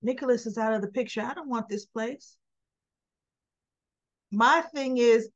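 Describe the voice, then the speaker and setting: A woman's voice: a little high, measured pace, pauses often, dull audio. A woman chatting casually as she recaps soap opera scenes, retelling dialogue and tossing in her own asides.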